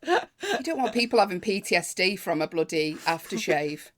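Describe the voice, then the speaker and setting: Lively woman co-host with quick asides. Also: on the low side, slight background noise. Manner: quick reactions, laughing asides. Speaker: podcast co-host. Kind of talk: casual podcast chat.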